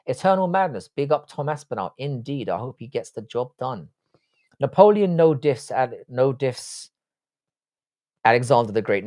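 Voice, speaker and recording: A man's voice: mid-range voice, darkish tone, no room sound. A man with a London accent, hosting a live stream, reading viewer comments aloud and answering them bluntly with dry asides. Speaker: livestream host reading chat. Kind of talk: casual live chat.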